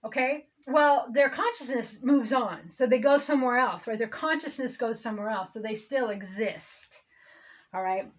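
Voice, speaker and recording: A woman's voice: a little high, moderate pace, low-quality recording. A woman reverend rambling through a spiritual monologue, sarcastic and digressive, often losing her thread and starting over. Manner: sarcastic, digressive, self-interrupting. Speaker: reverend, online host.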